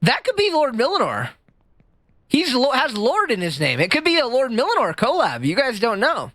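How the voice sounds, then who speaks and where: A man's voice: extremely high pitch, huge pitch swings, moderate pace, fairly bright tone, no echo. A male livestreamer chatting casually with viewers while gaming, goofy and self-deprecating, on a close microphone. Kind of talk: casual live-stream chat while gaming.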